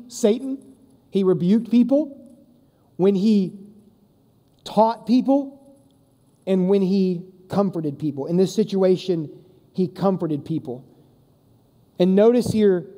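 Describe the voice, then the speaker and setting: Male youth pastor, high mellow voice, relaxed conversational preaching, long hall echo. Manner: casual, conversational, emphatic. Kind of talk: sermon. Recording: long reverb of a large hall.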